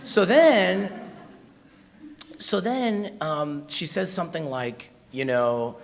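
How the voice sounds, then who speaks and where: A man's voice: fairly high pitch, very animated, takes it slowly, vocal fry. An American man giving a storytelling talk at a university, chatty and self-mocking, with lots of fillers and restarts. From United States. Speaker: guest speaker at a university.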